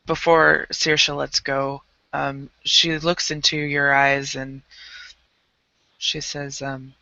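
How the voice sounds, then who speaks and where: A man's voice: medium pitch, flat delivery, slow pace, gravelly, sharp tone, no room sound, lo-fi sound. A man playing a tabletop game, narrating and voicing his character in a hesitant way with many fillers. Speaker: player.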